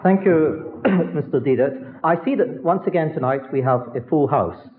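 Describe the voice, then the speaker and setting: A man's voice: a little high, lively intonation, moderate pace, noisy background. A man chairing a lecture event in a large hall, introducing the next speaker formally with dry humor. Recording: tinny, phone-like old hall recording.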